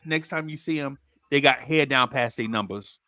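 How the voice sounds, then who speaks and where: A man hosting a casual podcast chat, telling animated stories and laughing easily. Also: medium pitch, normal speed, dry recording. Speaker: podcast host.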